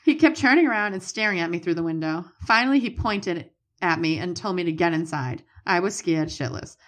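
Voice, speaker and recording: A woman's voice: lowish voice, expressive, fairly quick, a bit bright. A woman with a Boston accent, co-hosting a podcast and reading listener letters aloud in a plain, matter-of-fact way. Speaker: podcast co-host.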